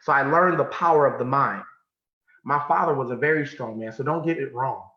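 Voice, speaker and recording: A man from California giving a motivational talk, telling a personal story with emphasis and sudden drops to a hush. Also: medium pitch, a little fast. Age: adult. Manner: emphatic, swinging from loud to hushed, repeats phrases. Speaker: motivational speaker. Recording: muffled sound in an echoey room.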